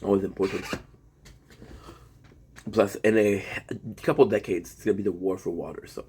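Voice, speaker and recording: A man streamer talking in a casual vlog monologue, rambling and profane, telling stories in an animated way. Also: low voice, moderate pace, husky.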